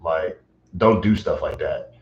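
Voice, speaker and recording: With a bass voice, the man takes it slowly, yet his livestream chat is agitated and rambling, thick with fillers. The audio has a roomy, dull lo-fi quality.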